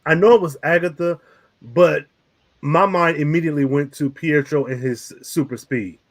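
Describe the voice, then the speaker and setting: A man's voice: a little high, moderate pace. A man hosting a casual review podcast, talking animatedly, laughing often and swearing casually. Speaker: podcast host.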